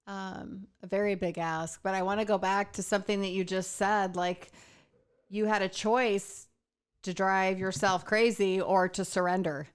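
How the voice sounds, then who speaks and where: A woman's voice: medium pitch, steady tone, unhurried, clear, resonant tone. Thoughtful woman hosting an interview. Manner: thoughtful, affirming. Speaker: host. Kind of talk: interview conversation.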